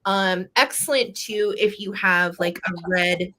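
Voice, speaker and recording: A woman's voice: mid-range voice, a little slow, pushed and bright. A woman hosting a live vintage sale, chatty and playful, laughing often as she shows collectibles and runs the bidding.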